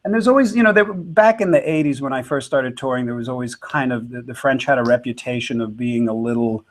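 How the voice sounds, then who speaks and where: A man in his fifties, a touring musician telling a reflective story with many fillers and restarts. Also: medium pitch. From United States.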